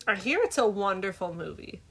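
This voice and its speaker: A woman's voice: mid-range voice, animated, fairly quick, vocal fry, breathy edge. Woman, podcast co-host, laughs easily, amused, chatty, mid-range voice. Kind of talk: casual movie discussion.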